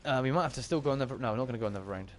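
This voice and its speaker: Speaking very fast in a mid-range voice, the Bristolian game streamer comments on his play and answers chat during the live stream. There's a little hiss or hum on the recording.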